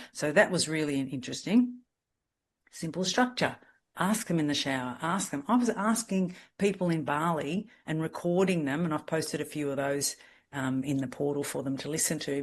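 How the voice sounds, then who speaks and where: A woman salon business mentor coaching a group over a video call, talking in a blunt, direct and energetic way. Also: sits low, husky.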